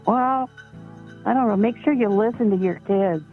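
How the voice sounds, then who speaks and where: A woman's voice: medium pitch, normal speed. A woman from Cleveland calling in to a stream, giving short, modest replies. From Cleveland, Ohio. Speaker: caller. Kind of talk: casual call-in chat. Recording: tinny phone line, faint music.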